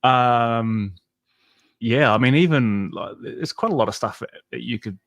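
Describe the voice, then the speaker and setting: A man's voice: medium pitch, a little slow, fairly bright tone. A man with a mid-range voice hosts a live Q&A over a video call, reading out viewer questions and laughing easily. The sound is dry and close, with no room echo. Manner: easygoing, laughs often, reads questions aloud. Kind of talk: casual live Q&A.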